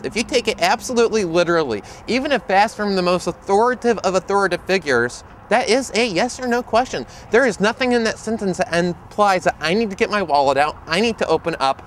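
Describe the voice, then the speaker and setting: A man, an autism speaker and educator, tells stories in a humorous, lively way while presenting to camera outdoors. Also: high-pitched, a little hiss or hum.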